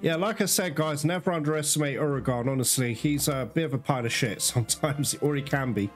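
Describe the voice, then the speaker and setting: A let's play host with a slightly high voice talks fast over game music. He gets excitable during his gameplay commentary, swears often, and keeps addressing his viewers as "guys."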